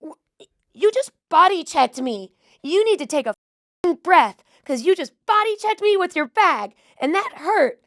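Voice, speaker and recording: Casting: a woman doing an angry, shrill middle-aged woman, indignant, loud, high, dry close sound. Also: big pitch swings, a little slow, no room sound, heavily acted. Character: irate middle-aged woman snapping at strangers.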